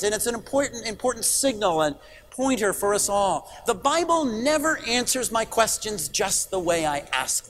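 High-voiced man preaching in a reverberant church. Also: a bit bright, a little hiss or hum. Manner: earnest, rhetorical questions, emphatic. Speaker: pastor. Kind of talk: sermon.

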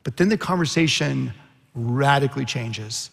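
Gravelly preacher in a reverberant hall. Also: male voice, mid-range voice, normal speed, a bit bright. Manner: earnest storytelling preacher, quoting scripture with rising intensity. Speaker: pastor. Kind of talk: sermon.

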